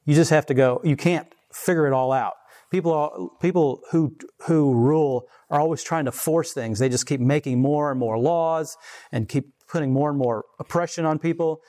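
A man's voice: fairly high pitch, warm tone. A man in his forties giving a casual, conversational sermon and chuckling between points. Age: 40s. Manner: conversational, chuckling, slows down to read scripture. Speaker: preacher.

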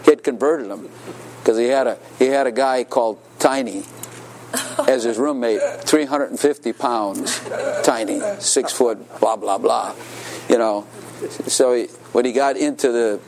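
A man's voice: medium pitch, animated, unhurried, gravelly, crowd noise. A man chuckling through a story. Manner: chuckles through his story, acts out voices in quotes. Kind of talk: casual anecdotal storytelling.

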